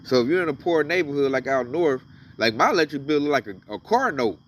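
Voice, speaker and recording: Animated man riffing on scripture. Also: mid-range voice, brisk, distant mic, dull audio. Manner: animated, emphatic, reads verses aloud then riffs on them. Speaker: religious commentator. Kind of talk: casual scripture commentary.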